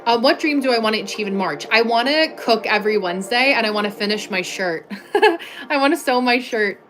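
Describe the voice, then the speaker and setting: On a clip-on mic, a young woman from the United States hosts a laid-back stream, responding chattily to viewer comments with constant "like"s. She talks briskly in an expressive, slightly bright voice on the high side.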